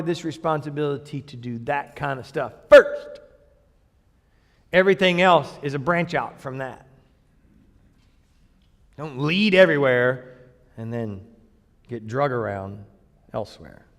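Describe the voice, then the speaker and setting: A man's voice: fairly high pitch, lively intonation, measured pace, creaky, pauses often, in a large hall. A male pastor preaching a sermon in a church, telling the story in a folksy, joking way. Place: church sanctuary.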